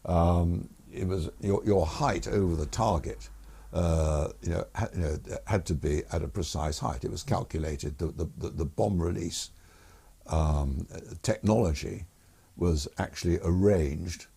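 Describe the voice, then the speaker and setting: Older ex-pilot guest, deep gravelly voice, rambling anecdotes. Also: male voice, measured pace, dark tone. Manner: rambling, self-correcting, chuckles while telling stories. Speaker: guest, retired air force pilot. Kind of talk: anecdotal interview storytelling.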